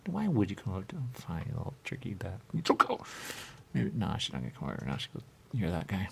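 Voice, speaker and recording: Gravelly low-voiced man rambling. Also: wildly swooping pitch, fast talker. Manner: rambling, repeats "there you go", jumps into silly voices. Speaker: radio show host. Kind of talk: rambling comic chat.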